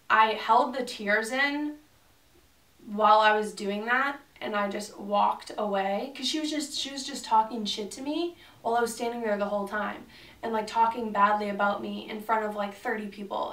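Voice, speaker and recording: A woman's voice: mid-range voice, moderate pace, far from the mic. A young woman telling a storytime vlog in a chatty way, swearing often and acting out what people said. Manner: chatty, swears a lot, animated retelling. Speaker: beauty vlogger. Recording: roomy echo, voice a bit off-mic.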